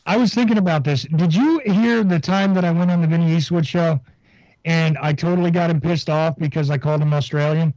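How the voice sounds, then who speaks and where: A man's voice: fairly high pitch, steady tone, a little fast, a little mellow, no echo. A man hosting a podcast in casual chat, telling rambling stories and laughing at them. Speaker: podcast host. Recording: dull muffled sound, dry.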